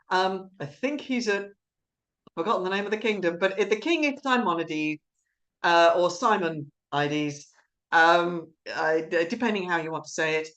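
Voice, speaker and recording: A woman hosts a live online stream. Her voice sits at an ordinary middle pitch. She talks over a video call in a rambling, chatty way, with little laughs. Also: fairly bright tone. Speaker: director and host of an online play reading. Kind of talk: casual live-stream chat.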